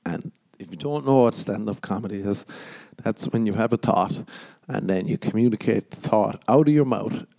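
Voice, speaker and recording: An Irish-accented man hosts a podcast, rambling through casual chat while swearing a lot and poking fun at himself. He's a stand-up comedian with a warm, gravelly voice on the low side, delivered at a moderate pace.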